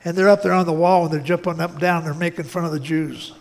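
A man's voice: on the high side, fairly even intonation, fast, gravelly, long reverb tail. A man preaching a sermon as pastor, folksy and plain-spoken, often repeating words and tossing in "man". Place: church sanctuary.

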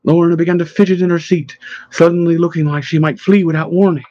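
A man narrating an audiobook in a measured, gentle way. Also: a little high, fairly even intonation, no room sound. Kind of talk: scripted narration. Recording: slightly dull, dry recording.

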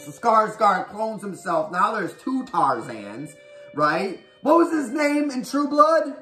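A man rattles off a horror movie plot in a profane, animated rush. His fairly high voice swings up and down a lot, and it echoes around the room over faint music. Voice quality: profane, animated, rapid storytelling. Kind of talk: casual movie recap.

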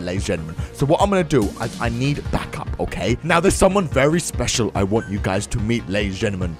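Brief: young let's-play host, loud jokey energy, very lively pitch, game soundtrack underneath. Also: male voice, fast talker. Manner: excitable, jokey, swings between shouting and muttering. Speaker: gaming YouTuber. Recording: game music playing behind. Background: game music.

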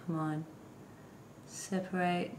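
A woman's voice: lowish voice, flat delivery, slow pace, a little hiss or hum. Chatty middle-aged woman teaching makeup. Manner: chatty, instructive, talks while applying makeup. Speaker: beauty vlogger. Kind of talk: makeup tutorial. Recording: echoey room.

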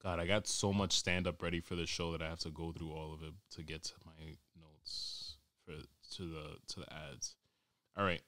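A man hosting a podcast as a crude, excitable comic monologue full of swearing. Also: deep voice, normal speed, no echo. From New York. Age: 20s. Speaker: podcast host.

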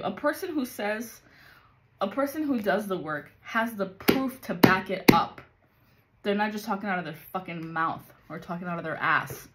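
Blunt, cussing woman psychic reader. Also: on the low side. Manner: blunt and profane, streetwise slang. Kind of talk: casual spiritual reading monologue.

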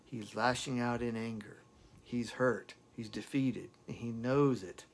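Gravelly man reciting lyrics with passion. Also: mid-range voice, steady tone, a little hiss or hum. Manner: dramatic, slowed recitation with repeated words. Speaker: song reviewer. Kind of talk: impassioned lyric recitation and commentary.

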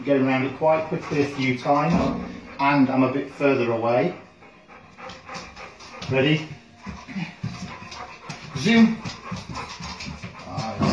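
A man working as a dog trainer, calmly explaining a training session with frequent ums. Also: medium pitch, recorded from a distance, lo-fi sound. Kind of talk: instructional training video. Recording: roomy sound, speaker off from the mic.

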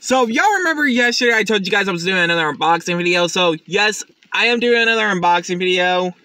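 A tired man with a notably high, bright voice hosts a casual unboxing vlog. He rambles in a chatty way, with plenty of fillers and restarts. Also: lively intonation, fast talker, dry recording. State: tired, up since early morning. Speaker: YouTube unboxing host.

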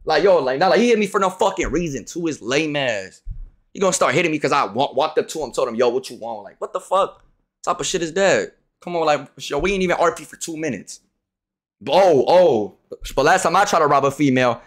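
A man's voice: a little high, animated, brisk. Ranting, profane young streamer man. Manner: profane, ranting, swings from loud to muttering. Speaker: livestreamer. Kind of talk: casual gameplay commentary.

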